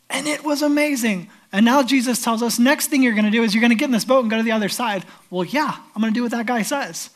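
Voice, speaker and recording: Animated man preaching. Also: extremely high pitch. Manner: animated storytelling, swings from loud to hushed. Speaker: pastor. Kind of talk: sermon.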